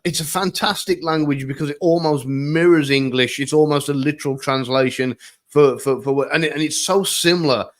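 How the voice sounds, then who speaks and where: A man hosting a casual podcast conversation who chats easily, laughs often and answers with quick replies. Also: a little high. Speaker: podcast host.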